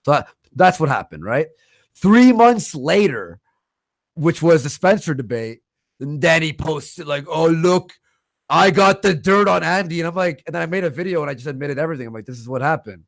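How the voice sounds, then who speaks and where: A man's voice: fairly high pitch, dry recording, clean studio sound. A man hosting a livestream, chatting casually, ranting with lots of swearing and reading out viewer messages. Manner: animated, profane, quick to rant. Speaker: livestream host.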